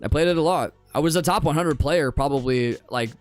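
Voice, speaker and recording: A young adult man streaming a game, chatting casually with his viewers and commentating his play, often repeating phrases and dropping into quiet mutters. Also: on the high side, fairly quick, soft background music. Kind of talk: casual live-stream chat with gameplay commentary.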